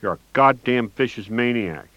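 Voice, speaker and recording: A man's voice: medium pitch, lively intonation, normal speed, no room sound, lo-fi sound, pitched above the performer's own voice, lightly acted. A man voicing a jittery, whining convict. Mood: panicked. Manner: shouting and pleading. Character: jittery male convict, whining then panicky.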